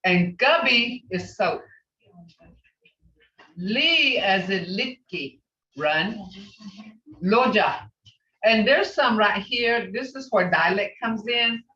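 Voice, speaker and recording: A woman teaching a beginner language class, patiently sounding out each word slowly and repeating it. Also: medium pitch, animated, sharp tone, recorded from a distance. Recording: echoey, dull lo-fi class recording.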